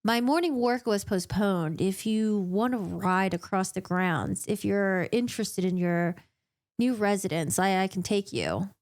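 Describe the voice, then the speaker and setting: A woman's voice: medium pitch, unhurried, a little mellow, pitched below the performer's own voice, close to an everyday voice. A woman voicing a stiff male fae lord who forces out every word reluctantly. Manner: strained, reluctant.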